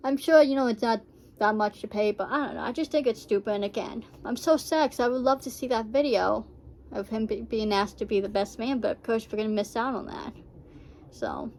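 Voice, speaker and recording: Rambling woman vlogger, slightly high voice. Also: vocal fry, darkish tone, slight background noise. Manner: rambling and heartfelt, many fillers. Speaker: reaction vlogger. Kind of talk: casual reaction commentary.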